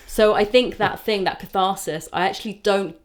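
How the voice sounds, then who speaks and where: A woman comedian chatting on a podcast, telling rambling, animated stories with swearing and acted-out quotes. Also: mid-range voice, moderate pace. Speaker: comedian guest. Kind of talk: casual podcast chat.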